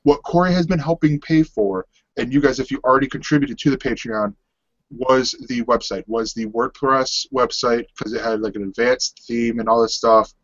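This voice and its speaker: A man's voice: medium pitch, normal speed, no echo. Rambling male podcast co-host, lo-fi. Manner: rambling, restarts often, laughs easily. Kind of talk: casual podcast chat. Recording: dull lo-fi dry sound.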